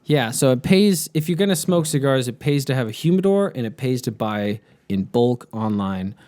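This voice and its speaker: A young man co-hosting a podcast, easygoing and teasing, quick to laugh in casual chat. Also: medium pitch, lively intonation, a little mellow, no echo. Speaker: podcast co-host.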